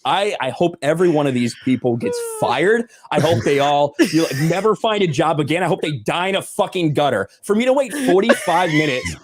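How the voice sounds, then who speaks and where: A loud American man rants through a story, swearing constantly and sounding outraged. His voice sits a bit high and swings widely in pitch as he gets worked up. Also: huge pitch swings, brisk, hardly any pauses, slight background noise. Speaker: co-host telling a story. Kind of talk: profane ranting anecdote.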